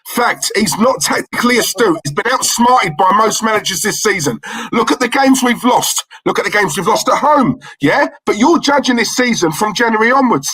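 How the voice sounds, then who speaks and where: Combative husky man, heated. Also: sits high, lively intonation, moderate pace, pushed and bright, low-quality recording. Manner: combative, swearing, repeats himself. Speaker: watchalong co-host. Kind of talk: heated football fan debate.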